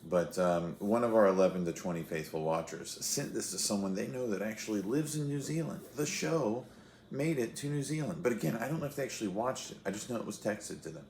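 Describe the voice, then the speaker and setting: Man, 30s, low voice, rambling self-deprecating chat, roomy echo. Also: animated, brisk, vocal fry, a little mellow, a little hiss or hum. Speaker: host of a fruit-tasting web show. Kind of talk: casual to-camera chat.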